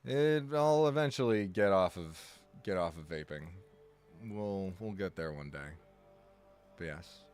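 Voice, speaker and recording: A man's voice: deep voice, a little slow, a little mellow, clear, resonant tone, soft background music. A man chatting casually on a live stream, rambling, correcting himself often and joking along with his chat. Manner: rambling, self-correcting, jokey.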